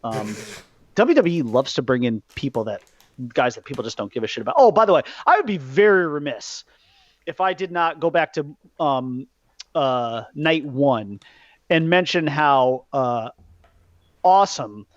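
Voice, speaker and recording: A man hosting a podcast, ranting in a casual, profane way about a wrestling event, jumping between loud outbursts and low muttering. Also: lively intonation, unhurried, no echo. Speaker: podcast host. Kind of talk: casual wrestling recap rant. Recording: dull lo-fi podcast mic.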